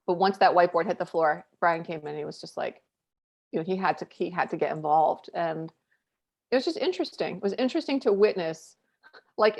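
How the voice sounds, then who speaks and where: A woman in her thirties, a podcast co-host, telling a family story in casual chat, candid and animated with lots of fillers. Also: mid-range voice. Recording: dull lo-fi audio.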